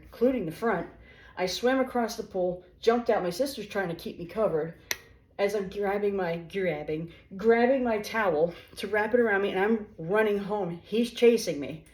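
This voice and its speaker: A woman casually telling funny stories as a vlogger in her home kitchen, animated and chatty, talking while she eats. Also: mid-range voice. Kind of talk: casual storytelling. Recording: echoey room.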